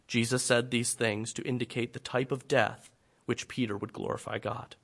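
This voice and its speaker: A man preaching a sermon, telling a scripture story dramatically, swinging from loud to hushed. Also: mid-range voice, little pitch movement, moderate pace, creaky, slightly rough.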